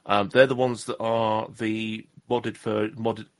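An English man from the Southwest hosts a loose podcast chat in a fairly low voice. He jokes and rambles, full of ums and restarts. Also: flat delivery, slow pace. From Southwest England. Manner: jokey, rambling with fillers and restarts. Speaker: podcast host. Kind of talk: casual chat.

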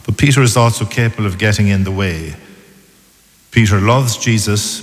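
A man, a priest, giving a measured, reflective sermon. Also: lowish voice. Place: church. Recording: long church reverb.

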